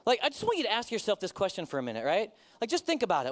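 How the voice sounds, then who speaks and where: A middle-aged man delivers a sermon in a loose, conversational way, tossing in self-mocking asides. His voice sits high and moves a lot, rising and falling with each point. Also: wildly swooping pitch, rapid-fire, hardly any pauses. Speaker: pastor.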